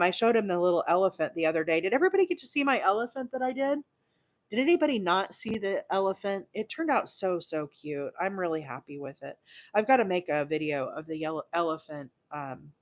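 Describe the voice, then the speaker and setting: A woman in her forties from Alabama, hosting a casual crochet livestream and chatting with her viewers in a bubbly, excitable way. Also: lowish voice, a little fast. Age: 40s. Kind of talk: casual live crochet demo chat.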